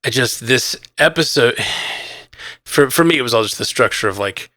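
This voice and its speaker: Bright-voiced man chatting casually. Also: medium pitch, normal speed, no echo, studio quality. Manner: animated, frequent "like" and restarts. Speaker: podcast co-host. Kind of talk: casual review chat.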